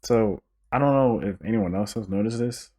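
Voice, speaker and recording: Husky-voiced young man ranting on a podcast. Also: lowish voice, moderate pace. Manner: animated, profane, joking rants with repeated restarts. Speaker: podcast host. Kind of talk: casual solo podcast rant.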